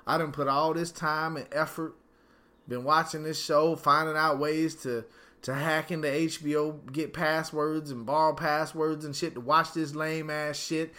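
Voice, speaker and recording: A man's voice: a little high, little pitch movement, a little slow, pushed and bright. A man hosting his own podcast from home, ranting angrily and profanely in a casual slangy way. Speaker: podcast host. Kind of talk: solo podcast rant.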